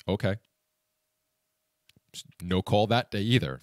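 A man's voice: sits low, lively intonation, moderate pace, dry recording, studio quality. A man vlogging, telling a frustrating story in a venting, rambling way with many fillers. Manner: frustrated, venting, lots of "you know" fillers. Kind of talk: personal vlog storytelling.

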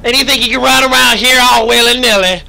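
A man's voice: extremely high pitch, steady tone, fast talker, vocal fry, pushed and bright, pitched above the performer's own voice, heavily acted, low-quality recording. A man voicing a sassy, fed-up woman caretaker scolding someone in a raised voice.

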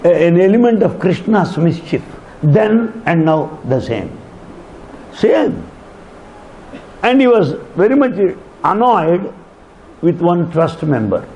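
A man's voice: a little high, slight background noise. A man giving a devotional discourse, telling stories with emphatic repetition. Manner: animated storytelling with emphatic repetition. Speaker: spiritual speaker. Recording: dull lo-fi recording.

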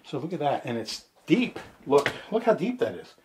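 The speaker is a middle-aged man with a fairly high voice that swings widely in pitch, talking at normal speed. As a real estate agent, he leads a joking, rambling camera tour through a large empty house, a little out of breath, amid echoing rooms and background noise.

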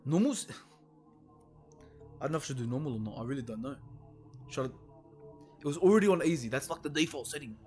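A man's voice: a little high, lively intonation, a little fast, long pauses, a little mellow, soft background music. A young man commenting nervously on a horror game he plays alone at home, swearing and hesitating. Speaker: gaming video host.

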